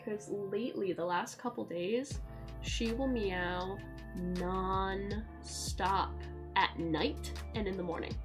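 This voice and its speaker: Loud, excitable woman streamer. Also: mid-range voice, slow, music in the background. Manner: loud and excitable, swears casually; coos in baby talk to her cat. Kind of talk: casual live-stream chat. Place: at home in a chair by a window.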